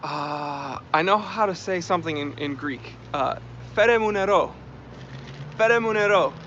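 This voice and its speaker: Chatty man hosting a live stream, bright voice. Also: on the high side, normal speed, slight background noise. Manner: chatty, reads out viewer comments and thanks them. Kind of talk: casual live-stream chat. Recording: dull lo-fi stream audio.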